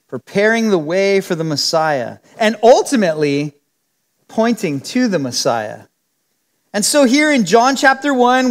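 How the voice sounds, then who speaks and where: A man preaching a verse-by-verse Bible teaching, talking conversationally and acting out the quotes in different voices. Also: high voice. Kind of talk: expository Bible teaching sermon. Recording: long hall reverb.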